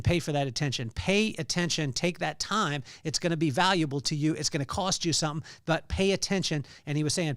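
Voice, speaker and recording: Guy doing a chatty bible talk, kinda high voice, dry close mic, lots of uhs. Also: no room sound. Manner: conversational, storytelling with frequent fillers and restarts. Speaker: podcast host. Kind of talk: devotional talk on scripture.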